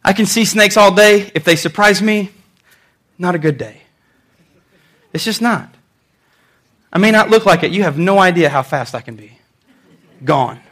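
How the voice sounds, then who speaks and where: A man's voice: sits high, normal speed, long pauses, a bit bright. A male pastor delivering a sermon in an emphatic, conversational way, repeating words for effect.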